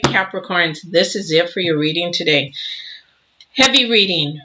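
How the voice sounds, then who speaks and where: Guy doing a tarot reading, earnest and kinda emotional, stops and restarts a lot, dull lo-fi sound. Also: fairly high pitch. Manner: earnest, halting, with frequent restarts and soft laughs; heartfelt and a little emotional. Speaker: tarot reader. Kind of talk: intuitive tarot reading to camera.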